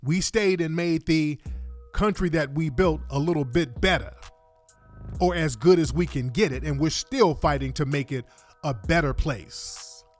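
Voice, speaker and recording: Male radio host, emphatic and repetitive, slightly high voice, faint music behind. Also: a little slow. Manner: emphatic, repetitive, addresses listeners directly. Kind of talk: heated political commentary.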